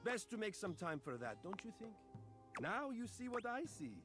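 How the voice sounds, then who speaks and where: A man voicing a vain, theatrical flatterer in a game, speaking in a dramatic, grandiose way. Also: sits high, normal speed, over music. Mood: flattering. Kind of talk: game voice acting.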